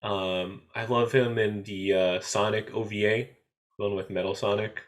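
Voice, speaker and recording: Hesitant low-voiced man host. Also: flat delivery, normal speed. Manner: hesitant, many "uh" and "you know" fillers. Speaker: podcast host. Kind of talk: casual chat.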